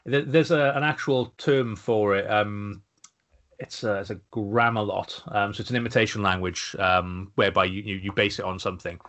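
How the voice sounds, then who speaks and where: A man's voice: fairly low pitch, normal speed, a bit bright. A man co-hosting a casual podcast chat, hesitant and full of ums. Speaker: podcast co-host.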